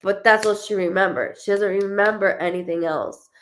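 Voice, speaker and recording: A woman giving a live psychic reading, chatty and animated, often restarting her sentences as she relays messages. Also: medium pitch, moderate pace. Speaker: psychic medium.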